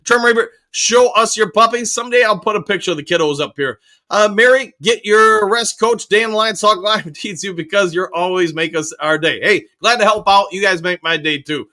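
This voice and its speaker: A high-pitched man hosts a live fan stream, reading out viewer comments one by one and replying in an upbeat, chatty way. His voice is bright and forceful, with plenty of casual fillers between thoughts. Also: moderate pace. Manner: reads viewer comments aloud and answers them, upbeat, many fillers. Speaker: host of a live fan show reading chat.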